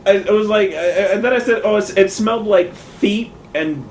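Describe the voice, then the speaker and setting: A man's voice: high-pitched, a little fast, slight background noise. A man casually telling a rambling, profane story and acting out what others said. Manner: animated, profane, acts out quotes.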